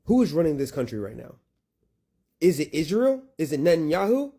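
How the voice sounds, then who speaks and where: Mellow-voiced man with indignant questions. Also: a little high, very animated, brisk, husky. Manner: indignant rhetorical questions, swearing. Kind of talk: angry political rant.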